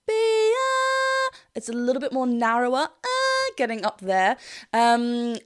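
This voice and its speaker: A British woman with a fairly high voice that swoops wildly in pitch talks at a moderate pace. A vocal coach, she enthusiastically chats through a reaction video analysing a singer, sometimes singing short phrases to demonstrate, with faint music from the video behind her.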